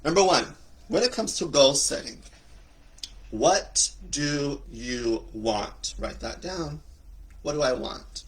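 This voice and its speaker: A man's voice: animated, slow, fairly bright tone. Campy, joking man hosting a livestream. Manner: campy, joking, greets viewers by name with big swoops up in pitch. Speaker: livestream host and coach. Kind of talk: casual livestream chat.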